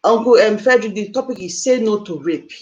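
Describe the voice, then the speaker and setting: A woman's voice: mid-range voice, animated, a little fast, darkish tone, dull audio. A woman hosting a live stream, talking to viewers in a distressed, emotional, exclaiming way. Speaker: livestream host.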